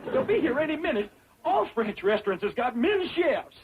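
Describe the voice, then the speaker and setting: A man's voice: very high voice, very animated, moderate pace, over a noisy crowd, heavy background noise. An actor playing an eager, boastful young hillbilly man in a 1960s sitcom, with a Southern rural accent. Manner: eager, cocky, folksy. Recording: dull old TV audio, loud laugh track.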